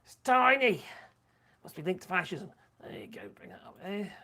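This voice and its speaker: A man's voice: high-pitched, lively intonation, normal speed, bright, forceful tone. A man with a Norfolk accent hosting a casual live stream, reading out viewer comments in a chatty, crude and mocking way, often muttering asides. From England.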